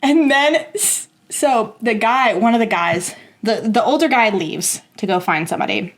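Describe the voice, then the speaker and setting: Young woman podcast cohost, kinda high voice, laughs a lot, acts out what people said. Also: moderate pace, gravelly. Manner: animated, laughs often, acts out quotes. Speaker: podcast co-host. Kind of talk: casual chat and storytelling.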